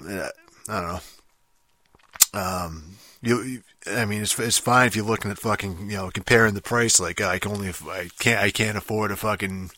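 A man with a rough throat, ranting casually and rambling, swearing constantly and restarting his sentences. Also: fairly low pitch, bright, forceful tone, dry recording. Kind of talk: casual rant.

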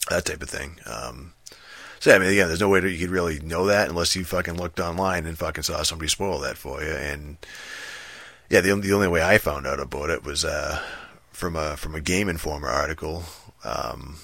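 A man's voice: rumbling low, fairly quick, vocal fry, fairly bright tone, dry recording. A man giving a casual, profane, rambling rant about a video game, full of fillers and laughs and with some sarcasm. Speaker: gamer giving a game review.

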